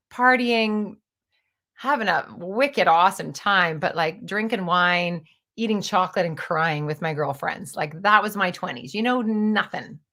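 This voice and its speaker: Brief: woman around 50, casual storytelling vlogger, chatty and animated. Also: mid-range voice. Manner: chatty, animated, lots of "like" and "you know".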